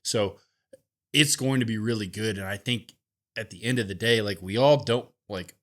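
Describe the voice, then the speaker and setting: A man co-hosting a podcast, giving relaxed opinions on a wrestling show in casual chat. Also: on the low side, moderate pace. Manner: relaxed, thinking aloud with fillers.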